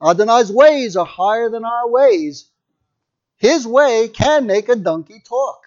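A man's voice: very high voice, animated, takes it slowly. A man preaching a sermon, retelling a story in a conversational way with asides to his listeners. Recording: muffled lo-fi recording.

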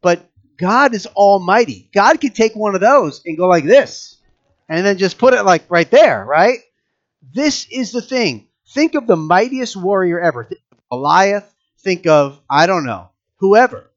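Male pastor, lively conversational sermon delivery, high and very expressive pitch. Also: a little slow, dull audio. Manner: animated, conversational preaching with audience questions.

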